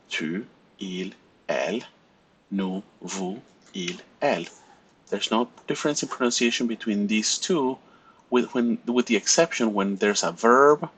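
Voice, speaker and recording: A man's voice: fairly low pitch, a bit bright, husky, rough recording. A man teaching a French class, explaining grammar step by step and often checking in with "right?". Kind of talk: recorded classroom lecture.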